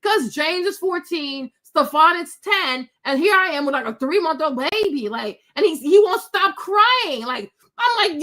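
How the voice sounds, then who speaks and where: A middle-aged woman telling a story to her viewers in casual chat, animated and sassy, laughing often and acting out quotes. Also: very high voice, measured pace, few pauses. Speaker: vlogger.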